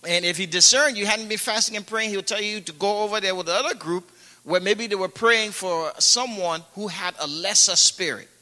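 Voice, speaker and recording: A man's voice: high voice, normal speed, pushed and bright. A man from Africa preaching and telling stories, chatty, with many "you know"s and laughs. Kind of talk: sermon with personal storytelling. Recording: echoey hall with long reverb.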